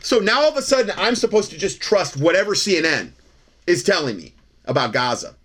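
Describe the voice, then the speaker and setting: Man, commentary show host, emphatic and argumentative, repeats himself, lively swinging pitch. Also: brisk. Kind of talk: monologue commentary.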